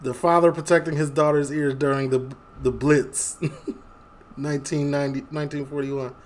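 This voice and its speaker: A man's voice: on the high side, flat delivery, normal speed. Chatty young man reacting to memes. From Chicago, USA. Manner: chatty, laughs often, reads memes aloud. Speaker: reaction video host. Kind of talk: casual reaction commentary.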